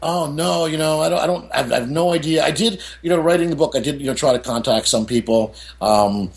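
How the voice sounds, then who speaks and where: A fast-talking, middle-aged American man with a slightly high voice and vocal fry appears as a guest author in an interview. His candid storytelling is loaded with "you know" and "I mean" asides.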